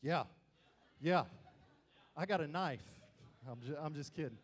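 A youth pastor, a young man with a slightly high voice and a slightly slow delivery, preaches to young people. He tells personal family stories with animation, acting out the voices of the people he quotes.

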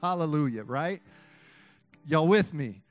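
A young man preaching an energetic sermon to a youth crowd, chanting call-and-response lines and laughing between points. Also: on the high side, a little slow, soft background music. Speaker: youth pastor.

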